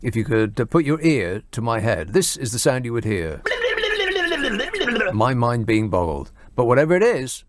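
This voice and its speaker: A man's voice: mid-range voice, big pitch swings, normal speed, no echo. A man hosting a radio phone-in with a dry, self-mocking wit. He hesitates and fills gaps with ums and uhs. He is close on a studio microphone in a dead, dry room. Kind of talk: late-night radio phone-in.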